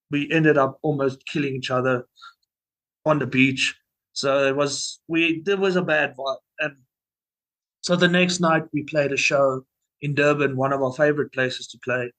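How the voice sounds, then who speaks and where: Telling stories during a casual interview, a young band singer rambles with many fillers and restarts. His voice is a little high and a bit bright, and the recording is rough.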